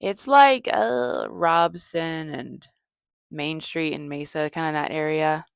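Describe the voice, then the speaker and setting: Deadpan low-voiced woman telling stories. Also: slow pace, gravelly, clear, resonant tone, no echo, studio quality. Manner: deadpan, low-energy delivery; rambling, with frequent fillers and self-corrections. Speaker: comedian and podcast host. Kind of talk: casual storytelling monologue.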